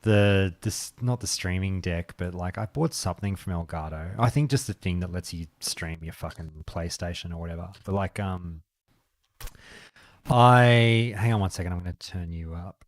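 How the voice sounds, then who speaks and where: Man, low voice, chatty, dry close mic. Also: normal speed, no echo. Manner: chatty, swearing, acts out anecdotes. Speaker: streamer and podcast host. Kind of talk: casual chat on a game stream. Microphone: desk microphone.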